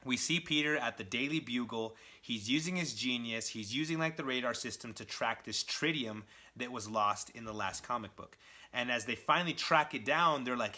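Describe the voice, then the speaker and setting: Man, comic review vlogger, bright and forward tone, chatty and excitable retelling. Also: mid-range voice, moderate pace. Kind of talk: casual comic recap vlog.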